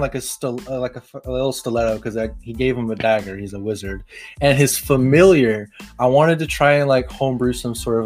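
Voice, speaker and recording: A young man talking about a game character in a loose, excitable way, trailing off and restarting mid-thought and leaning on fillers. His voice sits at an ordinary pitch. Soft music plays faintly underneath. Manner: rambling, filler-heavy, excitable. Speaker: tabletop game player. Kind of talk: casual chat.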